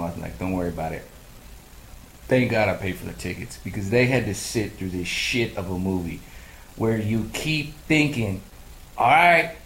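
A man's voice: on the low side, reverberant, rough recording. A man casually ranting in a movie review, swearing freely and acting out his own reactions. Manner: profane, animated storytelling, mimics his own reactions. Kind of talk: casual rant.

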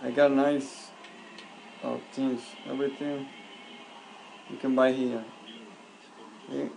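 Gravelly man walking through a tutorial. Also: mid-range voice, little pitch movement, a little mellow, low-quality recording. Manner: halting, repeats words, simple direct instructions. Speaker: YouTuber giving a tutorial. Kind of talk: casual screen-recorded walkthrough. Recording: faint background noise.

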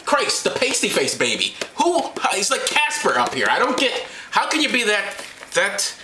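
A man's voice: high-pitched, huge pitch swings, moderate pace, reverberant, noisy background. A man hosting a comedic Bible retelling, talking in a rambling, profane, sarcastic way. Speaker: host.

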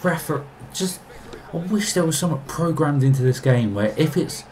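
Excitable man commenting on a game. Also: a little high, a little fast. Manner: excitable, mock-arguing with the game, frequent laughs. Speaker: gaming YouTuber. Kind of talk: casual gameplay commentary.

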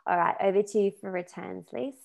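A woman's voice: mid-range voice, fairly quick, creaky, darkish tone. A woman, a money coach, presenting a finance talk in a chatty, loose way with fillers.

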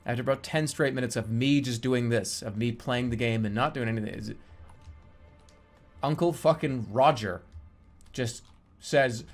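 A man in his thirties streaming video games, chatting casually with animated, giggly swings into loud outbursts. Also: mid-range voice, moderate pace, soft background music. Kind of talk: casual gaming stream chat.

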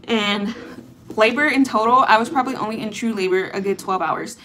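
A woman's voice: medium pitch, brisk, sharp tone, slight background noise. A young adult woman vlogging, telling a long story in a chatty way, full of fillers and acted-out quotes. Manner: chatty, lots of fillers, acts out what people said. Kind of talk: casual storytelling.

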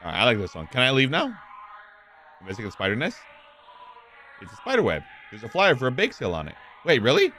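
A man streaming gameplay, reading the on-screen text aloud and reacting loudly with plenty of swearing. His pitch swings widely between deadpan mutters and excited yelps. Faint game music plays in the background. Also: fast talker, pauses often. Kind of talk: casual gameplay commentary.

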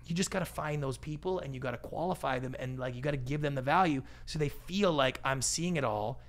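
A middle-aged man speaks as a guest on an interview podcast, with a gravelly, creaky edge on his voice. He talks casually and animatedly and slips into the voices of the people he quotes. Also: on the high side, brisk. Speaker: guest, pitch expert.

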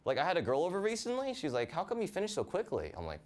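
Deadpan young male stand-up comic. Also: sits high, racing. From New Jersey. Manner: deadpan, lively mimicry of family voices. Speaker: stand-up comedian. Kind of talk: stand-up set. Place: comedy club stage. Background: audience laughter.

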